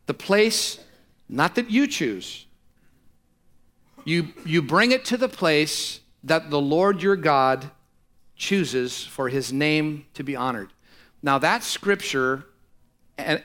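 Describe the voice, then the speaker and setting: A man's voice: a little high, a bit bright. A male pastor preaching a sermon in an emphatic style, with repeated rhetorical phrases.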